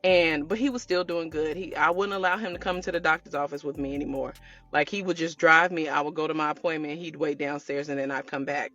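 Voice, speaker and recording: A woman telling her viewers a personal story in a casual storytime way, animated and chatty, calling them y'all. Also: low voice, fairly quick. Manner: animated, addresses viewers as y'all, acts out quotes. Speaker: storytelling vlogger.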